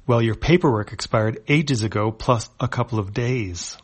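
A man reading a deadpan alien enforcer. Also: mid-range voice, moderate pace, slightly rough, close to an everyday voice. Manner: read aloud, matter-of-fact.

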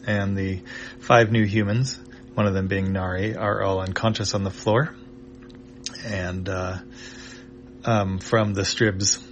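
Low-voiced man reading a comic aloud. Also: slight background noise. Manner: halting, unhurried narration. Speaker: comic reader.

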